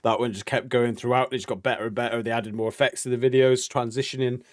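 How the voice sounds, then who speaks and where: Excitable British man, dry sound. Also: medium pitch, fast, dry recording. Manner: excitable, chatty, laughs often. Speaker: reaction video co-host. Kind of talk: casual reaction chat.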